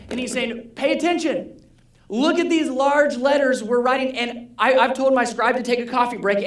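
A pastor gives a relaxed, conversational sermon in a roomy church sanctuary, and the voice echoes around the space. The speaker keeps checking in with the congregation through quick questions and circles back to the same key words. The pitch sits in a middle range. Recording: roomy hall echo.

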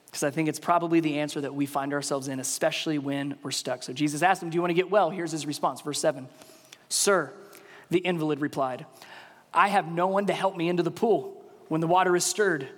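A man preaching a sermon to a room full of people, acting out their inner questions in lively put-on voices. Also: long reverb tail. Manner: animated, acts out the congregation's inner voices with jumps in pitch. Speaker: pastor. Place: large room with an audience.

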